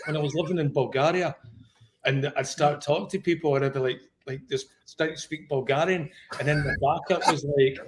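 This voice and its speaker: A man's voice: fairly high pitch, fairly even intonation, brisk, low-quality recording. A man co-hosting a podcast from abroad, easygoing and laughing often. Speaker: podcast co-host.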